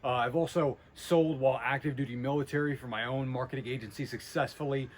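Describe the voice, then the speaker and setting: An energetic man explains his sales views straight to the camera in a casual, blunt way, often cutting into his own sentences. His voice sits at an ordinary middle pitch. A faint background noise runs under the recording. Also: fast talker. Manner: energetic, blunt, self-interrupting. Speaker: sales trainer. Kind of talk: casual whiteboard talk to camera.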